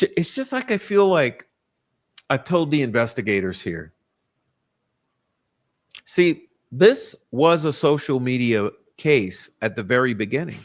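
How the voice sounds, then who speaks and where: A man hosting a casual livestream, ranting combatively and profanely, with frequent restarts. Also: medium pitch. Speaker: livestream host.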